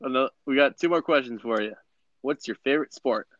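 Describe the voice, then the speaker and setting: A young man runs a podcast interview, reading out questions in a playful, amused way. His voice sits at an ordinary pitch. The sound is dry and dull, like a basic home recording. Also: brisk, fairly bright tone, no room sound. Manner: amused, playful, laughs often.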